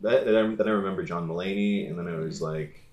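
A man in his thirties with a fairly low voice, chatting casually on a comedy podcast. He tells stories in an animated way and swears freely. The room gives his voice a roomy echo. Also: fast talker. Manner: animated storytelling, swearing, bursts into impressions. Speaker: podcast co-host. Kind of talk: casual chat.

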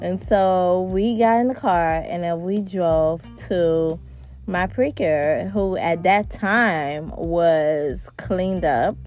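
Slow-talking young mom podcaster. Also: female voice, on the low side, darkish tone, soft background music. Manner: chatty, addresses listeners as y'all. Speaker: podcast host. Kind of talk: casual chat.

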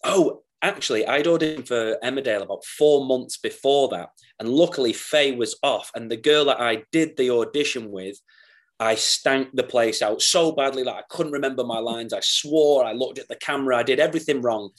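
A man's voice: mid-range voice, moderate pace. A man with a northern English accent tells stories from his acting career in a loose, chatty way. He jumps into the voices of people he quotes and curses now and then. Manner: animated, swears, acts out quoted voices. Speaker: actor; podcast guest. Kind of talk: casual storytelling chat.

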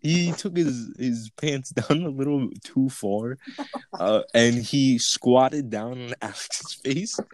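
A man co-hosting a podcast, telling stories in a quick, joking way and laughing often. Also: mid-range voice. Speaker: podcast co-host. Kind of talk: casual chat.

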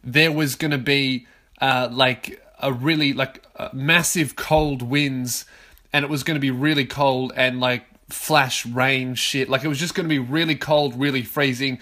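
A man in his twenties with an Australian accent, hosting a casual solo podcast from his bedroom, swearing freely and ranting in loud bursts. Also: medium pitch, fairly even intonation, unhurried. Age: 20s. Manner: profane, ranting, loud outbursts. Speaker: podcast host.

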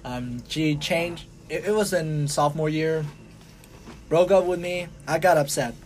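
A man's voice: fairly high pitch, darkish tone, slight background noise. Young man rambling on a podcast. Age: young adult. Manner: rambling, halting, many restarts and fillers. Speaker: podcast host. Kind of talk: casual chat.

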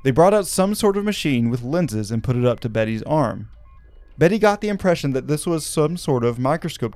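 A man's voice: mid-range voice, darkish tone, no echo. Wry male podcast storyteller. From Arkansas. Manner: wry, laughs at his own asides. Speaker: podcast host. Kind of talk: storytelling with jokes.

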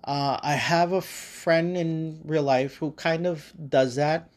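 A man's voice: on the high side, fairly even intonation, takes it slowly. A man hosting a podcast, talking in a casual rambling monologue with lots of fillers, restarts and swearing. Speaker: podcast host.

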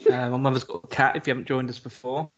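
A man on a podcast talks casually at a middling pitch and tosses in dry, wry asides. The sound is slightly muffled and lo-fi. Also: little pitch movement, quick pace, fairly bright tone. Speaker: podcast co-host. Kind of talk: casual chat.

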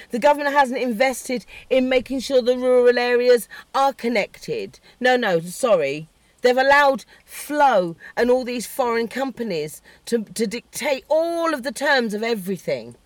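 Heated sweary woman ranting about politics, kinda high voice, dry close sound. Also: dry recording. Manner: blunt and profane, heated and sarcastic. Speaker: political commentator. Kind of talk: impassioned political rant. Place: in the country she discusses.

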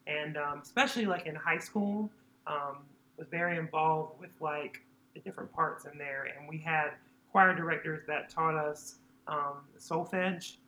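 A man's voice: fairly high pitch, a little slow, sharp tone. A man from North Carolina, a guest singer-songwriter, chatting casually in a loose, hesitant way with many fillers. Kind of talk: casual interview chat. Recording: roomy echo, faint noise.

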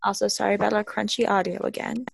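A woman's voice: mid-range voice, flat delivery, fast talker, creaky, no room sound. A young woman co-hosting a casual podcast chat over a video call, chatty and laughing often. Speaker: podcast co-host. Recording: crunchy video call audio.

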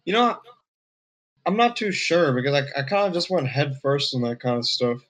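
A man's voice: a little high, big pitch swings, normal speed, fairly bright tone, low-quality recording. Young male co-host, easygoing storyteller, casual podcast.

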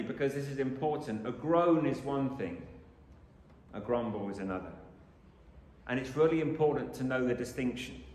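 A male preacher delivers a sermon in a slightly higher voice, lurching between loud, emphatic lines and near-whispered asides. His voice rings through a large hall with a long echo. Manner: dramatic, swings from loud to hushed, acts out grumbling voices. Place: church. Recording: echoey church hall.

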